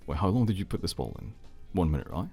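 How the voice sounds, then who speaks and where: A man streams live and talks casually with his chat, joking and throwing in stray foreign words. His voice sits low, moves unhurriedly and swings widely up and down in pitch. Soft music plays faintly behind him. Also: big pitch swings, fast talker, vocal fry, breathy edge. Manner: rambling and playful, drops in foreign phrases, jokes with chat.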